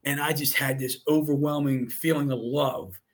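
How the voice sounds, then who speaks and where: A man's voice: medium pitch, steady tone, normal speed. A middle-aged man telling a personal story as an interview guest, earnest and emotional, often quoting what others said. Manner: earnest and emotional, retelling with quoted dialogue.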